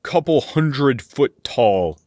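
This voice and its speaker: A man running a tabletop game as game master, setting scenes in slow, deliberate description. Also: medium pitch, expressive, a little mellow, no room sound, studio quality.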